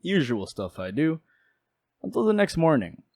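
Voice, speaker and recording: A man's voice: fairly high pitch, no echo, clean studio sound. Young man telling a jokey story. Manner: lively, jokey, with quick asides. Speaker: storytelling YouTuber. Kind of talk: casual storytelling.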